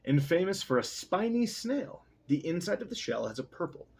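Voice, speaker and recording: A man voicing a playful yet menacing male pharaoh in a casual read-aloud of a novel, with a husky, lively voice. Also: fairly high pitch, moderate pace, voice pushed up, exaggerated voice. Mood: lecturing.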